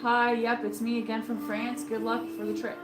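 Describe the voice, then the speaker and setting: A woman co-hosting a casual live stream, reading viewer comments aloud in a relaxed way. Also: on the high side, moderate pace. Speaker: co-host reading the live chat. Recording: echoey room, voice off-mic, music behind.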